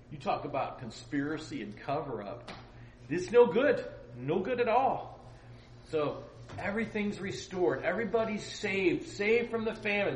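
A man's voice: a little high, slight background noise. A man teaching a casual Bible class, retelling the story with jokes and asides to his students. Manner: joking, lively storytelling with asides. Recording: echoey room.

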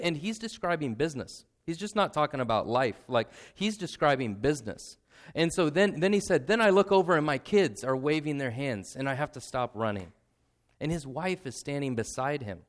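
In a fairly high, animated voice at a moderate pace, this pastor, perhaps in his thirties, delivers an earnest sermon. His conversational style features repetition and repeated "right?" asides, and emotion sometimes brings him near tears.

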